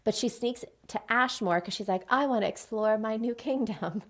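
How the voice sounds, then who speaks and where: A woman's voice: fairly high pitch, moderate pace. Giggly woman gushing over a book. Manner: giggly, gushing, reads passages aloud. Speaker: podcast co-host. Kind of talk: casual book chat.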